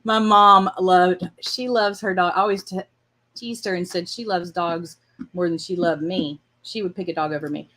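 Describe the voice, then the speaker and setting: A woman with a fairly low, steady voice speaks at a normal speed while hosting a casual drawing lesson on livestream. She chats warmly as she draws, laughs often, and talks to her dog along the way.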